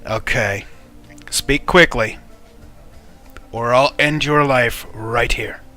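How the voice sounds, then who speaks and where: A man voicing a gruff, impatient guard captain who speaks bluntly and with threats. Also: medium pitch, slow, bright, forceful tone, faint music behind. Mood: stern.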